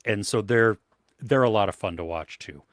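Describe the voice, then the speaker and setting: A lowish-voiced man at a moderate pace co-hosts a relaxed movie review podcast, full of enthusiasm, frequent laughter, and sentences he leaves unfinished. The recording is dry with clean studio sound.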